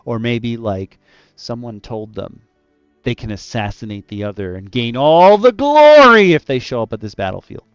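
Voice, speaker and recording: A man chatting casually about running tabletop adventures, animated and loose, with lots of "like" in his talk. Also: mid-range voice, moderate pace, smooth, no room sound, dull audio, soft background music. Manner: animated and loose, heavy use of "like". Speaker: dungeon master discussing adventure design. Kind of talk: casual roundtable chat.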